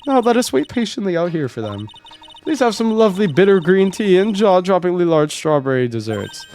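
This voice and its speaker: A man puts on a stern older woman who runs the household. She is coldly polite and very formal. Her voice is only slightly raised and carries a lively pitch. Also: a little fast, soft background music.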